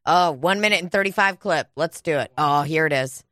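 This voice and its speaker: A woman's voice: low voice, a little fast, fairly bright tone, no room sound, clean studio sound. A woman co-hosting a casual podcast chat, rambling and crude, often trailing off and restarting. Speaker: podcast co-host.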